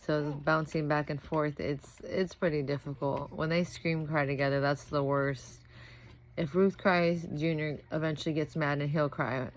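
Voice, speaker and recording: Worn-out young mom, low voice. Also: female voice, fairly even intonation, moderate pace, slight background noise, poor audio. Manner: rambling, scattered, self-correcting. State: exhausted from little sleep. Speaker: vlogger, mother of two. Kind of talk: casual vlog chat. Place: at home with a toddler nearby.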